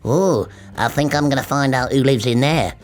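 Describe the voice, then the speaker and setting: A man's voice: medium pitch, normal speed, faint music behind, close to an everyday voice. A man voicing a curious, plucky young boy in a fairy-tale reading, with a light, wondering voice.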